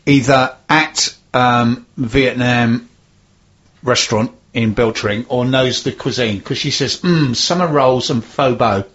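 A man's voice: medium pitch, takes it slowly, fairly bright tone, lo-fi sound. A man co-hosting a casual radio show, giving dry, understated replies and reading out event listings. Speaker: radio co-host.

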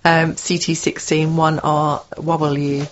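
A woman's voice: low voice, flat delivery, slow, slight background noise. A woman co-hosting a radio show, reading event listings in a teasing, giggly way. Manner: giggly, teasing, laughs often. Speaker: radio co-host. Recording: dull lo-fi radio sound.

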